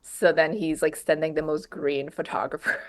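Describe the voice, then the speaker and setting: A woman guest on a podcast talks casually about a film with a lower voice. She speaks loosely and hesitantly, with many fillers and restarts, and often murmurs agreement. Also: steady tone, moderate pace.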